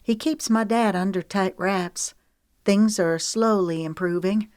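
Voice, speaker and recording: A woman's voice: medium pitch, measured pace, darkish tone, no room sound, clean studio sound, pitched above the performer's own voice, natural voice. A woman narrator voicing a guarded young female reality show contestant with a wry, candid manner.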